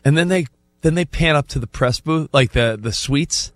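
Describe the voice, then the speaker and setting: A man co-hosting a sports radio show, rambling through his thoughts with quick asides. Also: a little high, no room sound. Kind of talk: casual sports radio talk. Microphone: studio broadcast mic.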